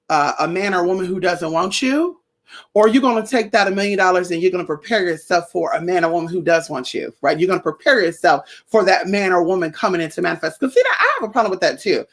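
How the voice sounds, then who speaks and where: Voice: mid-range voice, a bit bright. A livestream host and spiritual practitioner chatting casually with viewers in a rambling, profane way, calling them honey and darling. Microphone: phone or webcam.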